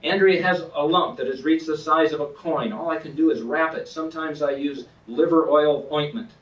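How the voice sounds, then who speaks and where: A man reading a passage from his book aloud in an earnest, measured way, with a few small slips. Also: fairly high pitch. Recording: roomy, distant, dull lo-fi sound.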